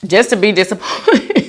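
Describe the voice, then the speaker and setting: A woman hosting a mukbang video, chatting casually to viewers while eating and reading their comments aloud. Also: takes it slowly. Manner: laid-back with lively swoops of pitch. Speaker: mukbang vlogger.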